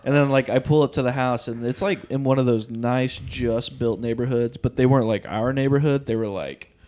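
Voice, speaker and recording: A young man chats on a casual podcast. He tells long, rambling stories full of slang and cursing. His pitch sits in an ordinary middle range. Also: a little fast, a little mellow, a little hiss or hum. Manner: rambling storyteller, slangy and profane. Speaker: podcast co-host.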